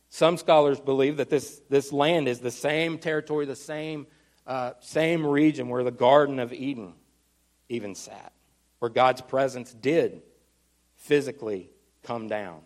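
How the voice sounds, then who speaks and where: A man preaching a teaching sermon, explaining earnestly and slowing down to stress key words. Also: mid-range voice. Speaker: pastor.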